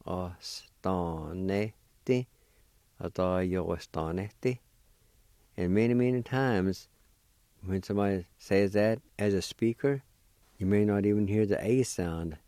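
A man teaching a language lesson, spelling and pronouncing words slowly and patiently, letter by letter. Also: lowish voice, mellow, no echo. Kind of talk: slow spelling and pronunciation lesson.

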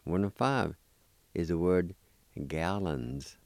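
A man hosting a radio language lesson, spelling and repeating words slowly and carefully. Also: sits low, expressive, darkish tone, dry recording. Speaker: language teacher and program host.

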